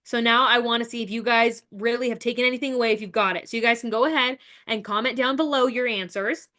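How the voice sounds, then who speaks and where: A woman's voice: on the high side, fairly even intonation, quick pace, sharp tone. A young woman, a nurse, teaching a live webinar in a chatty, encouraging way, talking straight to her viewers. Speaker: nurse educator hosting a webinar.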